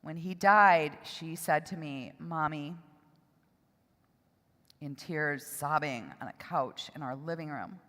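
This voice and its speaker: A middle-aged woman gives a personal testimony at a church seminar. Her voice sits fairly low, and she speaks emotionally, haltingly, with pauses and restarts. The sound rings with a long reverb from a church hall. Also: a bit bright.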